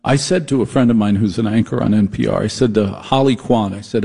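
A man's voice: lowish voice, brisk, vocal fry, few pauses, mellow, breathy edge. A man hosting a talk radio show, riffing sarcastically in a comedic monologue. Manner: riffing, sarcastic, puts on mocking voices.

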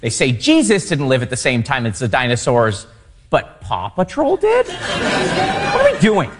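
A man's voice: huge pitch swings, measured pace. A man doing a comedy-sketch impression of an indignant male conservative TV pundit, talking in exaggerated, incredulous outrage. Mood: mock outrage. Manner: exaggerated squeaky outrage, sudden high jumps in pitch. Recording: TV sketch clip with loud audience noise.

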